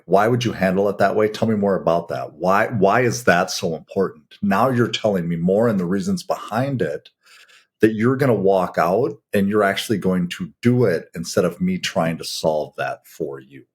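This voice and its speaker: A middle-aged man with a low, husky voice talks through leadership lessons as a podcast co-host. His delivery is blunt and folksy, like a coach talking straight with his team. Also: moderate pace. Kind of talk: casual coaching talk.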